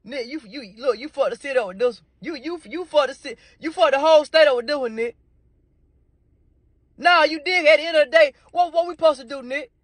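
A man's voice: extremely high pitch, a little fast, fairly bright tone, dry recording. A man delivering a comic rant, stammering over repeated words, cursing heavily and pleading. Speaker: comedian doing a ranting phone call.

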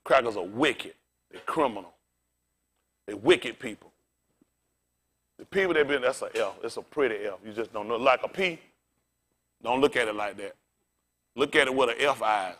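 A man's voice: mid-range voice, normal speed, long pauses, fairly bright tone. A male pastor preaching a rowdy, colloquial sermon, calling out to his congregation for responses.

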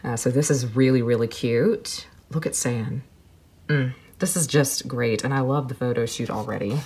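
Low-voiced woman gushing over an unboxing. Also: normal speed, slight background noise. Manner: gushing, soft-spoken, drifts between murmurs and excited exclamations. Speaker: vlogger. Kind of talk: unboxing narration.

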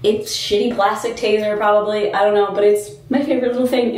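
A woman's voice: medium pitch, steady tone, fairly quick, a little mellow. Chatty young woman vlogger, echoey room. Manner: chatty, filler-heavy with frequent "like". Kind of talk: casual storytime vlog. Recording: echoey room with faint ambient noise.

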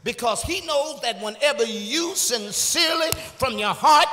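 A man's voice: extremely high pitch, animated, faint music behind. A male evangelist preaching a sermon, calling on the congregation and stretching out emphatic phrases, with frequent "uh" and "amen". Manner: drawn-out emphatic phrases, rising to shouts. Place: church sanctuary. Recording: live church recording with long hall reverb.

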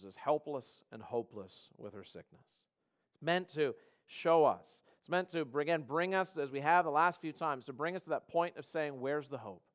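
Man preaching a sermon in church, pretty high voice, clean and ringing, earnest, keeps restarting words. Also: fairly bright tone, clear, resonant tone. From Canada. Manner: earnest, repeats words and restarts phrases, slows for emphasis. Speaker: pastor.

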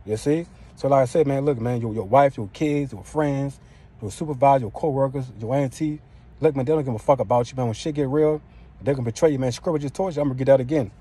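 A man's voice: medium pitch, fast talker, dark tone, husky. A man preaching an informal sermon in a profane, street-style way. He keeps throwing in "man" and "you know what I'm saying".

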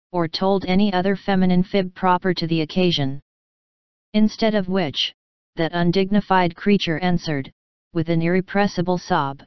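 Smooth-voiced woman reading a bedtime story. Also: on the low side, no room sound. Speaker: audiobook narrator. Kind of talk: bedtime audiobook narration. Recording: dull, dry studio audio.

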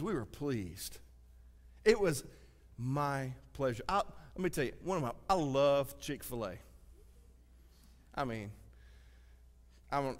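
A man with a Southern US accent preaching a sermon as pastor, swinging from loud exclamations to hushed asides. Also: on the high side. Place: church sanctuary. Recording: reverberant church sanctuary.

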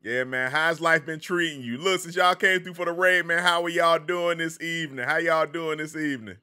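A man's voice: fairly high pitch, fairly even intonation, normal speed, sharp tone. A man with a Southern American accent, from the Carolinas, casually chatting with viewers by name while streaming a game. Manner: laid-back, chatty, greets viewers by name.

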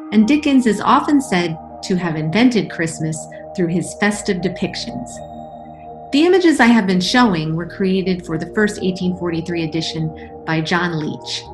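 Woman, program presenter, informative, lower voice, music bed. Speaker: presenter for a county arts program. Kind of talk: informational narration. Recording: narration over loud music.

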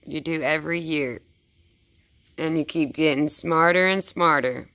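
A woman talking casually and cooing praise in a soft, baby-talk tone, outdoors at night. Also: deep voice, unhurried. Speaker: vlogger. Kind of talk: casual talk to a wild animal.

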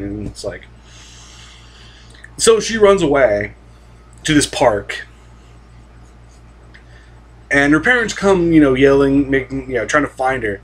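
Young dude rambling about anime, husky voice, swears a ton, lots of like and you know. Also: male voice, mid-range voice, lively intonation, takes it slowly, pauses often. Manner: profane, rambling, full of fillers and restarts. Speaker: anime vlogger. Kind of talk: casual rambling review.

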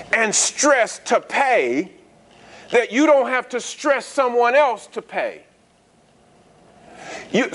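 A man preaching a sermon in a conversational style, asking the congregation frequent rhetorical questions and repeating words as he restarts. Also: extremely high pitch. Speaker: pastor.

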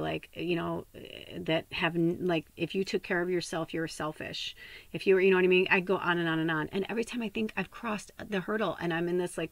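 A woman's voice: on the low side, bright, forceful tone, no room sound. Middle-aged woman from the Midwest, rambling candid podcast talk, swears freely, dry close sound. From American Midwest. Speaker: psychic medium. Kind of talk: casual spiritual podcast monologue.

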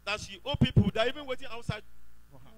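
A man's voice: sits high, big pitch swings, fast talker, low-quality recording. Nigerian man giving an emphatic church testimony. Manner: emphatic storytelling, rising to exclaiming praise.

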